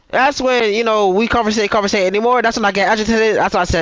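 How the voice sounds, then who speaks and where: A man's voice: high voice, fast talker, few pauses, fairly bright tone, no room sound, low-quality recording. A man in his twenties on a gaming voice chat, telling a story in casual, profane talk, stumbling and repeating himself as he goes.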